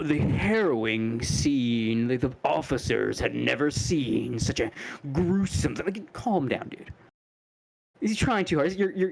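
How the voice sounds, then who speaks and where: A man co-hosting a podcast, ranting in a crude, rambling, animated way and slipping into mocking put-on voices. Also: medium pitch, low-quality recording. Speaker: podcast co-host. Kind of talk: casual podcast chat.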